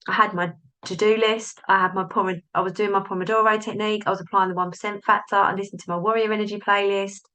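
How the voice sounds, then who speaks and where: A woman's voice: mid-range voice, level tone, fast, sharp tone, low-quality recording. A woman hosting a solo podcast, talking in a chatty, self-interrupting way and acting out inner voices, recorded on a device's built-in mic. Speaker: podcast host, business coach. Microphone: device's built-in mic, not the plugged-in one.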